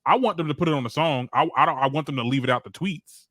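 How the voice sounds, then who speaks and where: A man co-hosting a casual podcast chat who talks quickly and emphatically, pushing his points with "let's be clear." His voice is close and dry, with no room sound. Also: fairly high pitch, a bit bright, no echo. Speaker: co-host.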